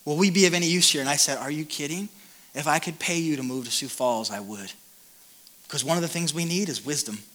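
A man in his thirties with a bright, slightly high voice, speaking as a pastor at a conference. He talks in a candid, self-deprecating way that gets animated. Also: a little fast. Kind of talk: conference talk.

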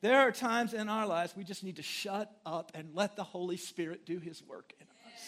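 A man pastor preaching a sermon, telling a story dramatically and swinging from hushed words to loud, blunt exclamations. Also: high voice, moderate pace, few pauses. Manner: conversational, blunt.

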